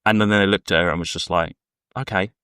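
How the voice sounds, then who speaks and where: Speaking fast with a sharp yet smooth tone, a low-pitched man with fairly even intonation co-hosts a podcast. In casual talk he rambles through anecdotes, imitating those he quotes, in echo-free studio quality.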